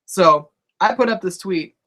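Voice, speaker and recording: A man co-hosting a casual wrestling talk show, animated, laughing often and acting out loud mock quotes. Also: high voice, measured pace. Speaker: wrestling podcast co-host. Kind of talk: casual chat.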